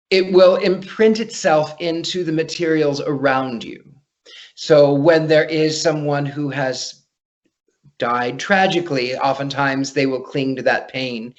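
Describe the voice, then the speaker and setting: A man being interviewed as a psychic guest, telling stories in an animated way and often repeating his first words. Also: fairly high pitch. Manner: animated, repeats words when starting sentences. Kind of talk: casual storytelling interview. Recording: dull lo-fi podcast audio.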